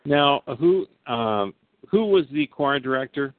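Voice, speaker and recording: A man's voice: fairly high pitch, expressive, slow pace, dry recording. Brief: man, forties, friendly slangy interviewer, dry narrow phone sound. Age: 40s. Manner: chummy, joking, casual slang. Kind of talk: casual conversation.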